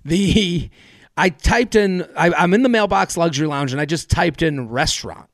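A man in his thirties hosting a podcast, telling stories in a rambling, animated way with many restarts. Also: a little high, moderate pace, dry recording, clean studio sound. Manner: rambling, animated storyteller with frequent laughs and restarts. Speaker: podcast host. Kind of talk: casual podcast chat and storytelling.

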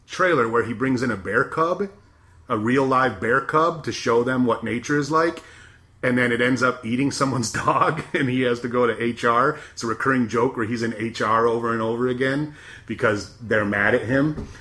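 A man's voice: mid-range voice, moderate pace, pushed and bright, roomy sound. Profane, wry middle-aged man. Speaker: podcast co-host. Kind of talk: casual chat, TV season preview.

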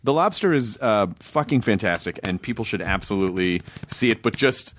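Animated guy hosting a podcast, bouncy pitch, effusive and jokey. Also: a little fast. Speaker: podcast host. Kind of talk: casual interview chat.

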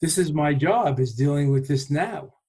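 A man talks through ideas in a warm, mellow voice. He is unhurried and reflective, pausing and restarting as he thinks aloud. It sounds like a relaxed podcast conversation. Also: fairly high pitch, slightly rough. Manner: thoughtful, unhurried, with pauses and restarts. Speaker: podcast host and meditation teacher.

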